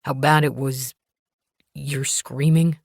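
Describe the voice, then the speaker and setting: A tense young husband, blunt and worried, his lines pushed down low, as a woman narrator voices him. Close and dry, with no room around it. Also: steady tone, takes it slowly, gravelly, slightly rough, dry recording, heavily acted.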